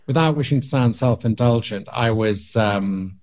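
Man, radio interview guest, measured and reflective, mid-pitched voice, stops and restarts now and then. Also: darkish tone. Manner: measured, thoughtful, with small restarts.

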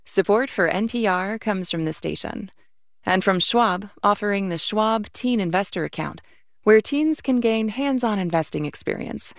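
Woman, radio sponsor announcer, even scripted read, gravelly vocal fry, dry sound. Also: mid-range voice, normal speed, dry recording.

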